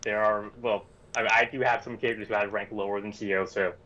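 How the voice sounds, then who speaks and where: A man's voice: lowish voice, level tone, brisk, bright, forceful tone. A young man co-hosting a casual stream chat, talking hesitantly with many fillers and trailing thoughts. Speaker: co-host. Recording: dull lo-fi mic.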